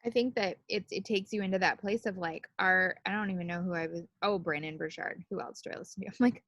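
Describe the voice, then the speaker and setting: Bright-voiced woman leading a group chat. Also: medium pitch, fast talker, no room sound. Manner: encouraging, asks the group questions. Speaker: group leader. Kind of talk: casual group video chat.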